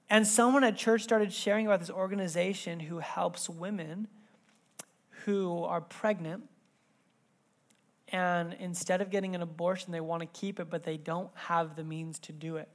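A man in his thirties, a pastor giving a sermon in church, telling a family story in a conversational way that swings between soft asides and loud bursts. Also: high voice.

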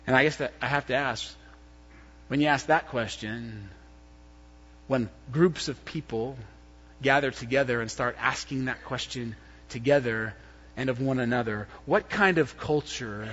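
A man preaching a sermon, swinging between loud, emphatic lines and hushed, soft ones. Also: mid-range voice, measured pace. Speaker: pastor. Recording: dull lo-fi sound with long hall reverb.

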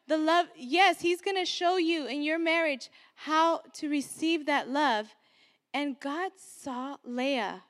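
A woman preacher delivers an earnest sermon in a high voice, taking her time over each phrase. She leans on repetition to drive her points home, and a long hall reverb trails after her words. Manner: earnest, exhorting, repeats key phrases.

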